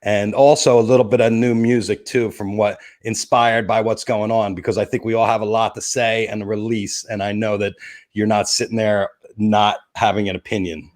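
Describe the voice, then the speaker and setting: A man's voice: on the low side, level tone, normal speed, a little mellow. A man with a New Jersey accent hosting a casual interview, rambling enthusiastically with lots of restarts. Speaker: host.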